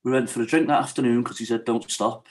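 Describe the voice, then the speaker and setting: A middle-aged man appears as a podcast guest, recounting his own hard story candidly and emotionally, retelling what others said to him and often asking "you know what I mean?". He speaks fast, at medium pitch with fairly even intonation.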